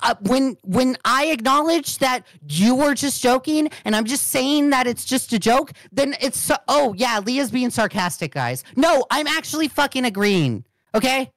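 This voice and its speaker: A woman's voice: sits high, animated, normal speed, hardly any pauses, dry recording. Sarcastic woman arguing on a call. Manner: defensive and sarcastic. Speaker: co-host. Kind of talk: heated online group call argument.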